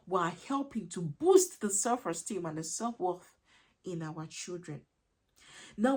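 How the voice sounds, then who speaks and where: A woman's voice: mid-range voice, darkish tone. A woman giving earnest parenting advice as a coach, emphatic, repetitive and a little preachy.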